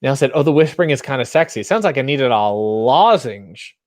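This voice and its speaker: A man's voice: mid-range voice, expressive, moderate pace, dry recording. A man hosting a casual livestream, reading bawdy limericks in a mock-theatrical voice and dropping into dry asides while reading chat.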